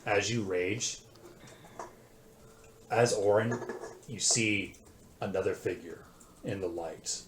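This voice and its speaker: Low-voiced man narrating as game master. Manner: descriptive, suspenseful narration. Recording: echoey room with loud noise.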